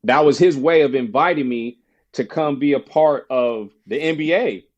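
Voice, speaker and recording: Male podcast guest, animated storyteller doing other people's voices, mid pitch, somewhat lo-fi. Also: moderate pace. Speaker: podcast guest, former basketball player. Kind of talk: casual storytelling interview.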